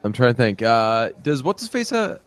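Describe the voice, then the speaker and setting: A man's voice: mid-range voice, big pitch swings, normal speed, no room sound. A man co-hosting a podcast, chatting casually and rambling with lots of fillers and laughs. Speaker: podcast co-host. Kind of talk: casual chat.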